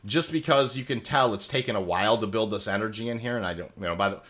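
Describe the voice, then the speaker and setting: A man's voice: on the low side, fast talker, a bit bright. A man in his thirties streaming a game, chatting in a rambling way with many fillers and answering chat messages as they come in. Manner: reads chat messages aloud and answers them. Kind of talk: casual livestream chat.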